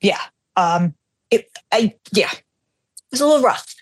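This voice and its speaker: A middle-aged woman hosts a radio show and tells her story in a chatty, animated voice. Her pitch sits in an ordinary middle range. She jumps into the quoted lines and pokes fun at herself. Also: a little slow, husky. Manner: animated, self-deprecating, acts out dialogue. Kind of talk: casual on-air storytelling.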